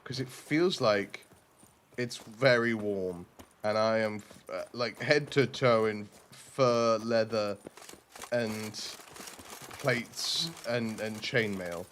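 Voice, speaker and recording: A man's voice: fairly low pitch, slow pace, a bit bright, a little hiss or hum. A man streaming a role-playing game, chatting casually and rambling with self-mocking asides.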